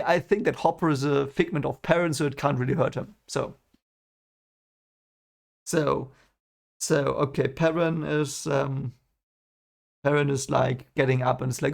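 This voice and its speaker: A young man reading a novel aloud and thinking out loud about it in casual commentary, rambling and restarting his sentences. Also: mid-range voice, vocal fry. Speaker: book reaction reader. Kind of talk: casual read-along commentary.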